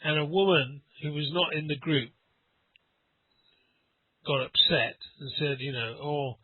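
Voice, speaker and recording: Male English teacher, husky voice, chatty, tinny phone-like call audio. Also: a little high, fairly even intonation, a little slow, long pauses, no echo. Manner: chatty storyteller, laughs often. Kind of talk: casual conversation lesson over a call.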